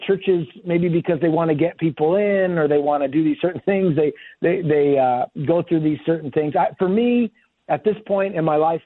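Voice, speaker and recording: A man's voice: fairly high pitch, dry recording. A man co-hosting a Christian call-in show, praying earnestly for a caller and answering questions, often repeating words as he starts a thought. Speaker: pastor co-host of a call-in show. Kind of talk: prayer and call-in talk. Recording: dry tinny phone-like sound.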